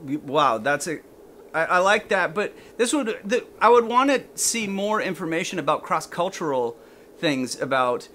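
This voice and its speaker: A man co-hosting a casual chat, reacting in short, halting remarks. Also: on the high side, lively intonation, pushed and bright, a little hiss or hum.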